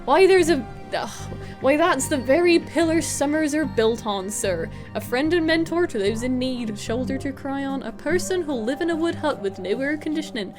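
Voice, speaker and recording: A woman's voice: sits high, animated, normal speed, hardly any pauses, music in the background, pitched above the performer's own voice. A woman voicing a fawning male costume shopkeeper in a put-on Southern American drawl, obsequious and sly in a video game. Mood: smarmy salesman. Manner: drawling, obsequious, keeps saying sir.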